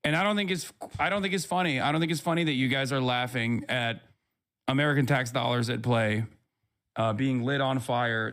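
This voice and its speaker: A man live-streaming, talking back to his chat in a sarcastic, profane, rambling way. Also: mid-range voice. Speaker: livestreamer.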